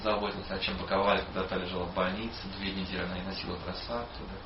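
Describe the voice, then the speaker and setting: A man interpreting a talk live, in rapid, clipped phrases that trail off softly. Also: sits low, level tone. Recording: muffled with noticeable background noise.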